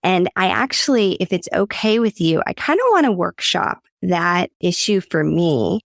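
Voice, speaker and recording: A woman's voice: lowish voice, expressive, normal speed, vocal fry, dry recording, clean studio sound. A woman hosting a podcast, speaking candidly and reflectively as she opens up to her guest. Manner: candid, reflective, openly vulnerable. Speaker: podcast host. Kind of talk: conversational interview.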